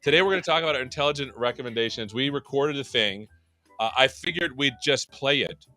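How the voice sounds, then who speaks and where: A man's voice: medium pitch, fairly quick, sharp tone, soft background music. A man hosting a livestream tech show, chatting casually and joking at his own expense. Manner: joking, self-deprecating. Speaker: show host.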